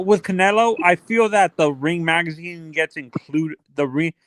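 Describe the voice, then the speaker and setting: A man in a casual sports debate, offering his view in a measured, considered way. His voice is slightly high for a man, and the sound is dry and close. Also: fairly even intonation, dry recording. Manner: measured, shares opinion with qualifiers.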